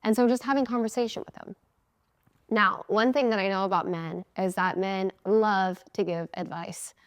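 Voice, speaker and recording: A woman's voice: mid-range voice, steady tone, normal speed. A woman in her thirties hosting a podcast, telling a personal story in a casual, chatty way. She often acts out her own past lines and laughs mid-sentence. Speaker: podcast host.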